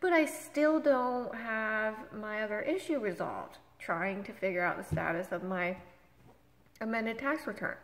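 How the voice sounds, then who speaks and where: Fed up woman venting to camera, medium pitch voice, echo hanging in the room. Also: unhurried. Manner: exasperated, retells quarrel with acted quotes. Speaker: vlogger. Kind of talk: exasperated rant.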